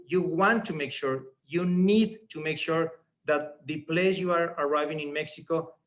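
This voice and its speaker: A man presenting as a regional director, earnest and persuasive, stressing key points. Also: on the high side. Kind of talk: business presentation.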